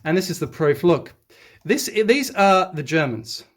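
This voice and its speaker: A man reading an article aloud and rebutting it as a history commentator, excitable and sarcastic, with sudden jumps in pitch when he stresses a point. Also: a little slow.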